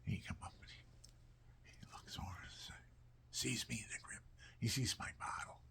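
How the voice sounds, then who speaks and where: A man telling personal stories in a casual, animated way, often dropping to a near whisper. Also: mid-range voice, normal speed, creaky. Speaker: storyteller.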